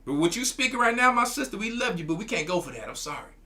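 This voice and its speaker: A man's voice: sits high, sing-song, fast talker, bright, forceful tone. A man, a church elder, preaching commentary in a scolding tone, often stumbling and repeating his words.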